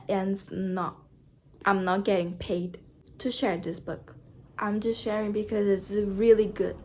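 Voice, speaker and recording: Brazilian-accented woman vlogger, mid-pitched, earnest self-help pep talk, repeats her points simply. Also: darkish tone, slight background noise. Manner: earnest, repetitive, simple phrasing. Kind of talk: casual motivational chat.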